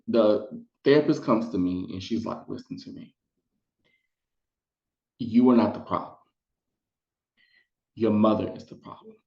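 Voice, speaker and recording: A man telling a personal story in casual vlog style, acting out the people he quotes. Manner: animated, acts out quotes in high voices. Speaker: storytime vlogger. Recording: roomy, dull lo-fi sound.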